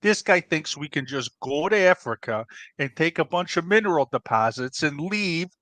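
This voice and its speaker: A man puts on a bossy pizza-joint owner who lectures and scolds his partner in a comedy debate. The voice sits fairly high and rings bright and sharp, recorded close and dry. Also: lively intonation, moderate pace, no room sound. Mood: indignant. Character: brash middle-aged male pizzeria owner, bossy know-it-all.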